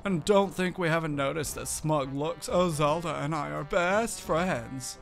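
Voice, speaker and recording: In a let's-play, a man with a fairly high voice and some vocal fry plays a brash, boastful teenage bully, reading the on-screen game dialogue in a cocky, taunting way. He keeps a measured pace, with soft music behind him.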